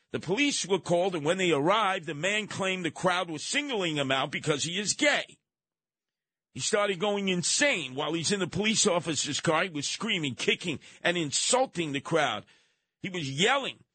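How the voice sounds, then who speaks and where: A brash talk radio host, a man whose voice sits a little high. He rants in a sarcastic, combative way. The sound is close and dry, with no room around it. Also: bright, forceful tone, no room sound. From New York City.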